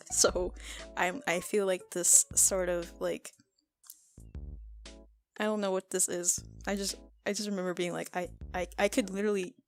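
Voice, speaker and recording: A teenage girl telling rambling high school stories in a casual storytime, often laughing and restarting her sentences. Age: teens. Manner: rambling, laughing, self-correcting. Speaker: art vlogger. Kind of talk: casual storytime over a speedpaint.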